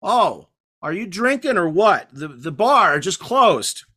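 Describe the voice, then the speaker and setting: A man reads out a hulking middle-aged bully in a storybook reading, his voice pushed up high and tight. He sounds gruff, dismissive and coarse, sneering at everyone around him. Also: very animated, slow, bright, forceful tone, exaggerated voice. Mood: defensive.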